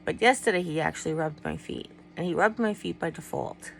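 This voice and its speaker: A middle-aged woman talks straight to her viewers in a loose, confiding vlog, wandering off mid-thought and circling back. Her voice has a rough, gravelly edge and sits a little low. A faint hum runs underneath. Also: fairly quick, rough recording. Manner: rambling, candid, trails off and restarts. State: tearful at times. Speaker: vlogger. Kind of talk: personal vlog, talking to viewers.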